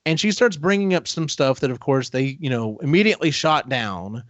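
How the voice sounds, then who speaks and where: A man's voice: mid-range voice, a little fast, no room sound, highs cut off. A man hosting a casual book discussion, recapping the plot and acting out quotes from the characters. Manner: animated storytelling, acts out quotes. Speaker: podcast host.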